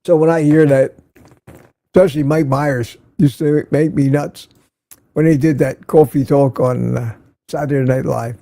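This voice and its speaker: A man's voice: medium pitch, fairly even intonation, moderate pace, gravelly, mellow, dry recording. An older man hosting a casual morning livestream, chatting and greeting viewers by name as he reads their comments. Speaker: livestream host.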